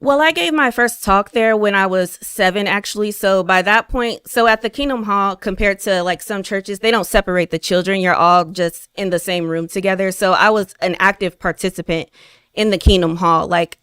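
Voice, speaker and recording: A woman's voice: medium pitch, moderate pace, a bit bright, smooth, no echo, studio quality. A woman guest on a podcast, candidly telling her life story in casual talk, leaning on "like" as she goes. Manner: open storytelling, many "like" fillers. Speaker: podcast guest, spiritual consultant.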